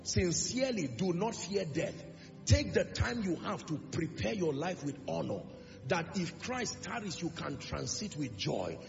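High, gravelly-voiced male preacher. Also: very animated, measured pace. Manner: emphatic preaching with rhetorical questions. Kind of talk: sermon. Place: church. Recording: reverberant lo-fi hall recording with music.

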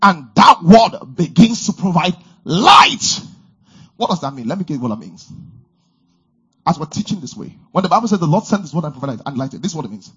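A male preacher delivering a fervent sermon, repeating lines and swinging between shouted declarations and low murmurs. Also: very animated, fast talker, slightly rough, highs cut off.

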